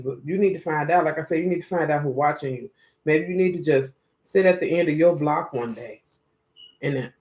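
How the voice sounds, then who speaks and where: Profane rambling tarot reader, man. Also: fairly high pitch. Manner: profane, rambling, slangy and animated. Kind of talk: casual tarot reading monologue.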